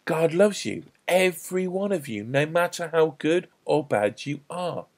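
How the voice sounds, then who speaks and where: A man voicing a kind religious teacher in a children's Bible story, speaking gently and invitingly. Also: medium pitch, sing-song, a little fast. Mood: gentle.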